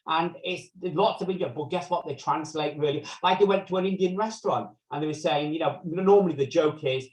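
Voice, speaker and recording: A man in his fifties co-hosting a relaxed chat with friends, telling his stories in long animated stretches full of restarts. His voice sits a little high. He sounds set back from the mic, in a roomy, echoing space. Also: a little fast, few pauses, far from the mic. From south Manchester, England. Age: 50s. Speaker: podcast co-host. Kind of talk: casual chat among friends.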